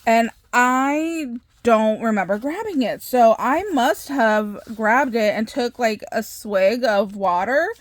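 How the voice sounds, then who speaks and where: A woman hosting a craft channel, telling a story in a chatty, animated way with frequent laughs and filler words. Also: fairly high pitch, slow, no echo. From Southern California. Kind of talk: casual storytelling vlog.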